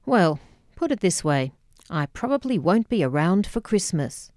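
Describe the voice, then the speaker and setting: A woman's voice: on the low side, big pitch swings, unhurried, a little mellow, dry recording, studio quality. A woman voicing an ailing elderly father with a Polish-Scottish accent, curt and dismissive of worry. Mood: evasive. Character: ailing elderly immigrant father, evasive, deflecting.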